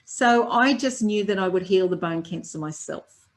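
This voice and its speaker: An older woman, a Reiki teacher being interviewed, telling a personal story in a lively way and acting out the voices of people she quotes. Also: mid-range voice, normal speed. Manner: lively storyteller who acts out quoted dialogue.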